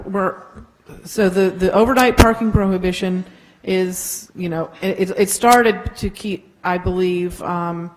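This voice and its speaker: A council member answering residents in a meeting, halting and restarting often with many fillers. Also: mid-range voice, steady tone, low-quality recording.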